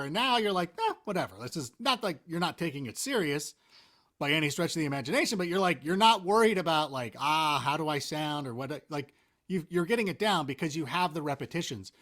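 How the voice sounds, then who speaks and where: A man talking as a guest in a casual interview, animated, rambling and self-mocking. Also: on the high side, quick pace. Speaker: interview guest, NFL analyst.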